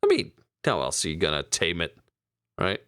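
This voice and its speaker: A man's voice: low voice, huge pitch swings, moderate pace, fairly bright tone, clean tone, no echo, studio quality. A young man co-hosting a podcast, rambling and joking crudely in casual banter. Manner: rambling, crude and jokey, many restarts. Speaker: podcast co-host.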